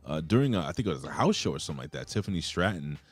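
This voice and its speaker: A man's voice: very deep voice, big pitch swings, very fast, slightly rough. A man co-hosting a casual wrestling review show, rambling and cursing freely with lots of fillers. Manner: loose, profane, rambling with frequent fillers. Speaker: podcast co-host.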